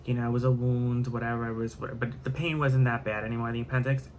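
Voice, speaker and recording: A man's voice: medium pitch, flat delivery, fast, a little hiss or hum. A man telling a candid, rambling story in a casual vlog, sparing no graphic details.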